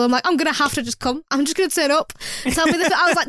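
A woman's voice: high voice, rapid-fire, a bit bright, no echo, studio quality. A young woman, an emotional nursery worker chatting casually with lots of fillers. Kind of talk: casual chat.

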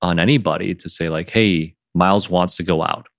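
A man hosting a podcast in casual conversation, who reenacts his own past lines in a livelier, higher voice. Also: brisk, gravelly, no room sound, clean studio sound. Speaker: podcast host.

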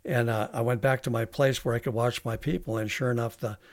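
A man, a veteran guest on a podcast, telling a long story in a halting way with many restarts. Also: medium pitch, fairly even intonation, no room sound, clean studio sound. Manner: halting, with frequent restarts and fillers. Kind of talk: casual storytelling interview.

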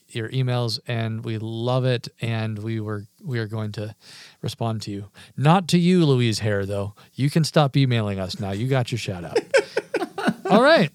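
A man's voice: mid-range voice, animated, moderate pace, no echo. A man co-hosting a podcast in casual chat, joking and teasing his bandmates and laughing often. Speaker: podcast co-host and band member.

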